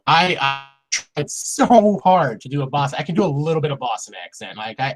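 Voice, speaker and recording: A man's voice: mid-range voice, fairly quick, few pauses, faint music behind. A man, a comedian guest, rambling and ranting in exasperation over a glitchy video call. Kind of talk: casual interview on a video call.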